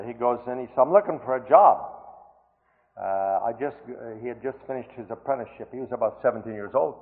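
A man preaching a sermon with fervent emphasis, mixing scripture with a family story and rising to loud exclamations on key words. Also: medium pitch. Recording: tinny phone-like sound in a reverberant hall.

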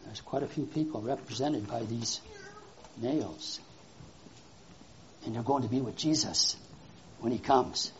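A preacher giving a children's sermon with an object lesson, speaking in an animated, exclamatory way and asking the children questions. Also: medium pitch, measured pace, long pauses, dull audio, slight background noise.

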